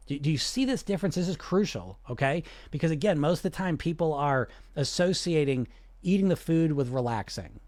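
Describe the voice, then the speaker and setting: A man's voice: a little high, animated, fairly quick, darkish tone, no room sound. A man, coaching on weight loss and talking earnestly and persuasively, often checking in with the listener. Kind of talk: direct-to-camera coaching talk.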